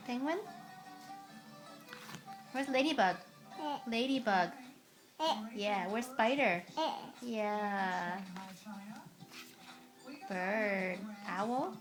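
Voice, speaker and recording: Slow, patient woman quizzing a toddler. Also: mid-range voice. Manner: patient, repetitive quizzing questions. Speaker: parent. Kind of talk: reading a picture book to a toddler.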